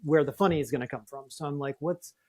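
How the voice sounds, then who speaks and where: A man's voice: medium pitch, fairly even intonation, very fast, darkish tone. A man being interviewed about his writing, chatty with many fillers and restarts. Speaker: guest author. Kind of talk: casual interview talk.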